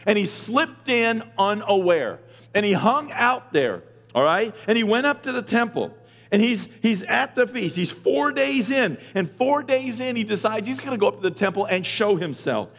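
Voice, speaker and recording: High-voiced preacher man in a hall. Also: expressive, moderate pace. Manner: casual, slangy storytelling of scripture; emphatic, rising to shouts. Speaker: pastor. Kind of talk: sermon. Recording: long reverb of a large hall.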